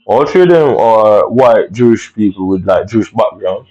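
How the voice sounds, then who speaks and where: A man's voice: fairly low pitch, lively intonation, normal speed, a little mellow, lo-fi sound. A man with telling an angry personal story, rambling and profane, full of tag questions. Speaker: vlogger.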